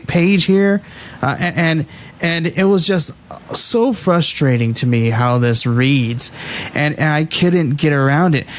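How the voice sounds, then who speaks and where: Male comic podcast host, lively and halting, voice a touch high. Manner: animated, halting with many restarts, laughs at the text. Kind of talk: casual podcast review, reading comic dialogue aloud.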